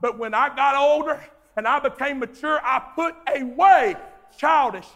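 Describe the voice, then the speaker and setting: Male preacher, very high-pitched, repeats lines, moves between hushed prayer and shouting, long hall reverb. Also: expressive, moderate pace. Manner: swings from soft intimate prayer to shouted exhortation; repeats phrases for emphasis. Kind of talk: sermon.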